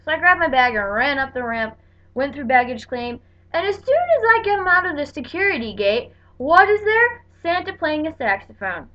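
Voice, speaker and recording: A young woman from the northeastern US rambles through a casual vlog story, slipping into lively impressions of the people she meets. Her voice sits fairly high. The sound is a dull, lo-fi webcam recording. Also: moderate pace. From northeastern United States. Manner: chatty, animated quoting of people. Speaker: vlogger.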